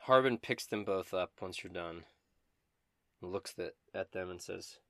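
Game master, male, low voice, dry close sound, steady narration. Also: measured pace, dry recording.

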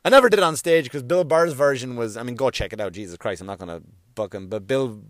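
A man's voice: fairly low pitch, fast, dry recording, studio quality. A male comedian hosting his own show, telling a long, swear-filled story and often stopping to restart his sentences. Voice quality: profane, rambling, with frequent restarts. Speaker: comedian and podcast host. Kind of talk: casual storytelling tribute.

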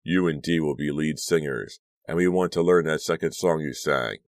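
A cheerful teenage bandleader in an audiobook, warm in his welcome, voiced by a male narrator. The voice sits very low and dry. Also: normal speed, no echo.

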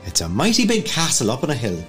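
A man voicing a warm, motherly woman recruiter, cheery and coaxing. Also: mid-range voice, wildly swooping pitch, fast talker, faint music behind, voice pushed up.

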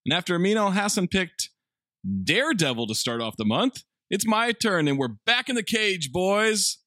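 A man's voice: high voice, sing-song, moderate pace, bright, forceful tone, dry recording, studio quality. A man hosting a casual comedy podcast, running through cast lists with playful emphasis. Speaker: podcast host.

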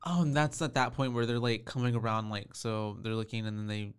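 A man's voice: mid-range voice, level tone, a little fast, clear, resonant tone. A man co-hosting a casual movie podcast, talking in a laid-back conversational way. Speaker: podcast co-host.

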